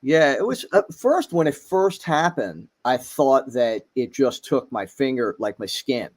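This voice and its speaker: A middle-aged man talking as a podcast guest, halting, with many fillers and restarts. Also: mid-range voice, lively intonation, darkish tone. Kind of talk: casual chat.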